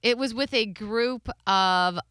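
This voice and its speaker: A woman in her thirties tells a story with lots of animation, her voice bright and ringing with a slightly high pitch. The sound is dry and close to the mic. She chats casually and acts out what others said. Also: slow, smooth, no room sound. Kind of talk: casual chat.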